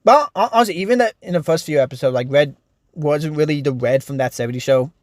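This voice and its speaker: High-voiced young man ranting. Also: fast talker, darkish tone, no room sound, studio quality. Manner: frustrated, rambling, many restarts and fillers. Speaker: TV reviewer. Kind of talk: casual ranting review.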